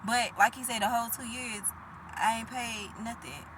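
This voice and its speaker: A woman's voice: a little high, moderate pace, noisy background. A woman, talking bluntly and profanely to the camera in a preachy, emphatic way. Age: 30s.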